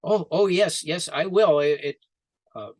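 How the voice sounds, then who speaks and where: A man's voice: fairly high pitch, unhurried, darkish tone, voice pushed up. A man voicing a wise old male rabbit who stammers nervously and plays humble, in a story told over a video call. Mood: flustered.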